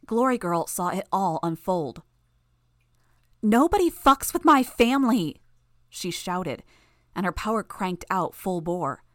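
Female audiobook narrator, lower register, dry close sound, steady first-person read. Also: no room sound.

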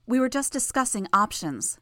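A woman voicing a cruel, mocking young female villain who taunts in a raised, sharp voice. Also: fairly high pitch, very animated, moderate pace, dry recording, studio quality, pitched above the performer's own voice. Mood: scornful.

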